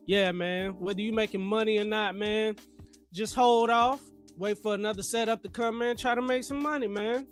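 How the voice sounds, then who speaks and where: A man's voice: sits high, moderate pace, fairly bright tone, faint music behind. A man hosting a trading livestream, talking energetically with lots of slang and hyping up his chat.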